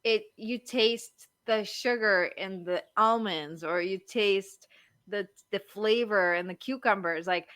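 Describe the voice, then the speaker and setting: A woman's voice: mid-range voice, slow pace, a bit bright, no echo. A woman in her thirties, a marriage coach, chatting casually on a podcast and telling stories full of fillers. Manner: chatty storyteller, lots of likes and you-knows.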